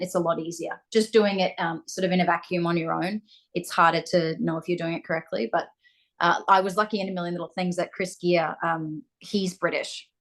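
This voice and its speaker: Low-voiced Australian actress, hesitant. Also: female voice. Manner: hesitant, restarts, frequent ums. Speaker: actress, interview guest. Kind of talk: casual interview chat.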